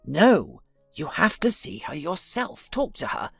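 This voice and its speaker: A woman's voice: low-pitched, very animated, unhurried, vocal fry, breathy edge, no room sound, faint music behind, full character voice. A woman voicing an elderly wealthy father who speaks in an insistent, scolding way.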